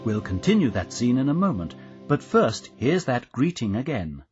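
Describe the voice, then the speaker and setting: A man narrating a language course in a clear, measured teacher's delivery, reading scripted instructions. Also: medium pitch, very animated, darkish tone, faint music behind.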